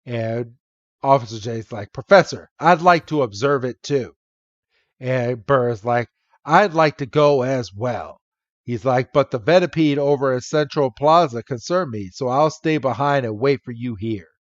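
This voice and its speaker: A man co-hosting a podcast, recapping a cartoon episode in a wry, animated way with small self-interruptions. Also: mid-range voice, a little slow, no echo. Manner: animated and wry, laughing at his own rants. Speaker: podcast co-host. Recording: dull dry podcast mic.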